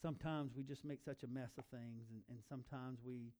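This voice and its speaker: Earnest preacher man, warm voice. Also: mid-range voice, fairly even intonation, fairly quick. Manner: earnest, building to emphatic repeated phrases. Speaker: pastor. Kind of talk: sermon.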